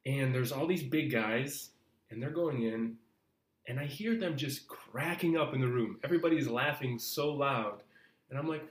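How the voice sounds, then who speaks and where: A man's voice: medium pitch, moderate pace, slight background noise. A man chats casually on a podcast, telling a story with animation and playing out his own reactions. His voice sits in the middle of the male range. The room around him rings with a noticeable echo. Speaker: actor. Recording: roomy echo.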